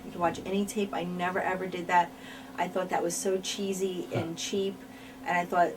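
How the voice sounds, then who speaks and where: A woman's voice: on the low side, little pitch movement, moderate pace. Frank woman recounting, slightly distant mic. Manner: frank, repeats words for emphasis. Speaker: interviewee, former wrestler. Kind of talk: candid shoot interview storytelling. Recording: mic at a distance, faint noise.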